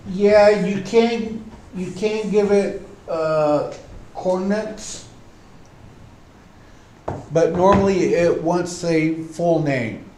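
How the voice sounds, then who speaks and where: Slow-talking man presenting at a club meeting. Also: sits high, darkish tone. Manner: slow, halting, reads off menu items. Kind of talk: walking through software settings. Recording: roomy meeting hall, faint hum.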